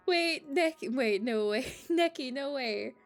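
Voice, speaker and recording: High lively Australian woman streamer. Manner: giggly, swears freely, excitable. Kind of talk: casual livestream chat.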